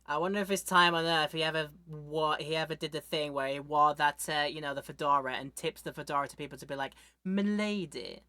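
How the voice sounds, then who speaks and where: A woman streamer giving casual gameplay commentary, rambling and joking with quick asides. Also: low voice, little pitch movement, sharp tone, dry recording.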